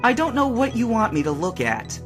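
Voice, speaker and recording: A man's voice: extremely high pitch, huge pitch swings, moderate pace, music in the background, pitched above the performer's own voice, full character voice. A man reading a storybook voices an indignant, exasperated teenage girl who scolds sharply.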